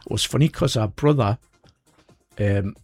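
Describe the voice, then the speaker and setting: A man's voice: fairly low pitch, measured pace, a little mellow, slightly rough, no echo, faint music behind. A man co-hosting a radio show, chatting casually and rambling with lots of fillers. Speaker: radio co-host. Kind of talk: casual chat.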